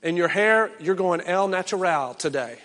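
A middle-aged male pastor preaching a sermon, swinging from loud impassioned calls to low, quiet urging. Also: expressive, moderate pace, in a large hall.

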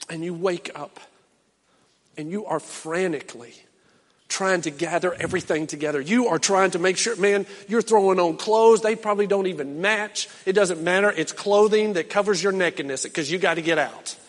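High-voiced impassioned preacher in a hall. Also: male voice. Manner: swings from loud impassioned calls to low quiet urging. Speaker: pastor. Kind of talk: sermon.

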